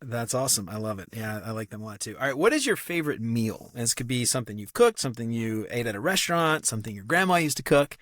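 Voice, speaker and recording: Fast-talking upbeat male host. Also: mid-range voice, lively intonation, a bit bright, no echo, clean studio sound. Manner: upbeat, quick, chatty with stammered restarts. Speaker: podcast host. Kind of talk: casual conversational interview.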